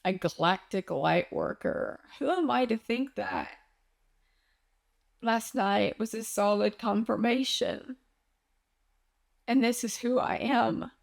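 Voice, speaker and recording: Slow, gravelly woman near tears. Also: a little high. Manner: slow, halting, holding back tears. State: close to tears. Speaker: spiritual vlogger. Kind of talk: emotional personal vlog.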